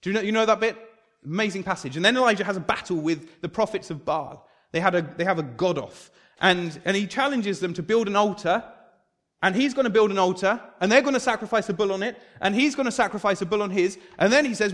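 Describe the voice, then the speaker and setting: A man preaching a sermon, telling Bible stories with animated storytelling and acting out the figures. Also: sits high, fast talker.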